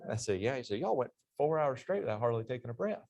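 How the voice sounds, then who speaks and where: A man's voice: mid-range voice, fast, vocal fry, lo-fi sound. Middle aged guy telling army stories in a church class interview, gets fired up, laughs a lot. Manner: animated storyteller, laughs at his own punchlines. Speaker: interview guest, army veteran.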